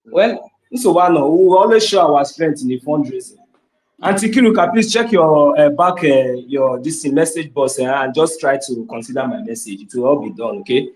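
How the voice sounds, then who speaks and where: A man's voice: fairly high pitch, lively intonation, moderate pace, darkish tone, low-quality recording. A man with a Nigerian accent chatting casually, teasing in Pidgin and thanking others, often repeating his phrases. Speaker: community member. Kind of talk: casual chat.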